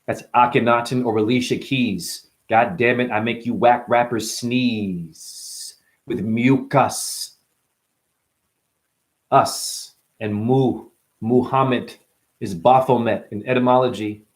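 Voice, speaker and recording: Guy freestyle rapping, punny boastful rhymes, swears a lot, average pitched voice. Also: steady tone, takes it slowly. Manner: rambling wordplay rhymes, profane and boastful. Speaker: freestyle rapper. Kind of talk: freestyle rap.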